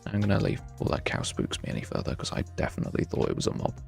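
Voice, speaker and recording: A man's voice: low voice, sing-song, very fast, vocal fry, soft background music. A young man from the UK, chatting casually and self-mockingly while streaming a game and answering chat. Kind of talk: live gameplay chat.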